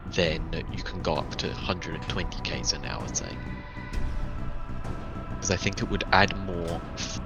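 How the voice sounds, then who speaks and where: Man in voice chat, very low voice, thoughtful suggestions, music behind. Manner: thoughtful, suggests ideas with hedging fillers. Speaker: race participant. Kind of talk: casual gaming voice chat.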